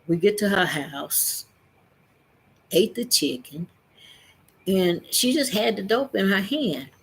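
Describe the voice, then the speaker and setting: A middle-aged woman, telling a personal story in a lively way and acting out the voices of the people in it. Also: medium pitch, slow, slight background noise. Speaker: vlogger.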